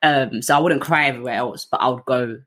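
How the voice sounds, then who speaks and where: A woman's voice: very deep voice, fast talker, a bit bright. A woman with a British accent telling her life story candidly in a conversational way, with fillers and restarts. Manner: conversational, many fillers, acts out others in raised voices.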